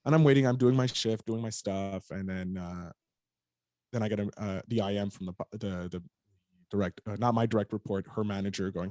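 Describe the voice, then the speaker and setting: A young adult man, a podcast guest, telling a frank, animated story in casual talk and swearing freely. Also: lowish voice, a little fast, no room sound, studio quality.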